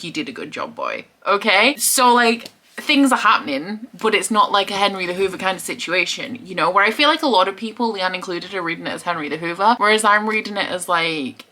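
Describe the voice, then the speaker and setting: A woman's voice: mid-range voice, sharp tone. A woman, chatting casually and rambling animatedly about books on her reading vlog. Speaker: book vlogger.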